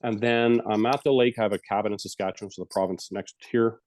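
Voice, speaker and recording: A middle-aged man leads a calm breathing exercise, then tells his story frankly and casually, sometimes swearing. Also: fairly low pitch, quick pace, no room sound. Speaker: retired police officer and yoga teacher, guest speaker. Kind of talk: guided breathing, then candid personal story.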